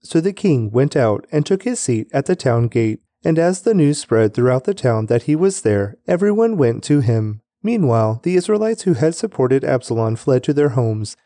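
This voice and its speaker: A man reading scripture aloud in a measured, even delivery. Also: mid-range voice, dry recording. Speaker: scripture reader.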